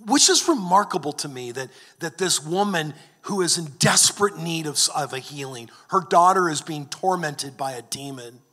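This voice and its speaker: Bright-voiced man preaching in a reverberant hall. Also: fairly high pitch, animated, moderate pace. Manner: earnest preaching, restarts and repeats words. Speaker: pastor. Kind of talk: sermon.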